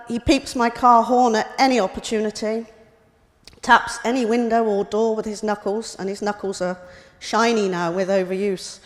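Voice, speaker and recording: Woman telling her story in a reverberant hall. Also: on the high side. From United Kingdom. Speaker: carer giving a talk. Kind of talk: reading a prepared personal talk. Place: hospital lecture room.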